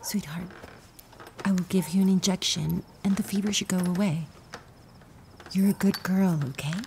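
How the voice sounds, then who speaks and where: A woman's voice: on the low side, fairly even intonation, moderate pace, vocal fry, darkish tone, a little hiss or hum. A woman playing a village doctor in a dubbed film drama, stern and lecturing. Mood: soothing. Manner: stern and lecturing, then coaxing.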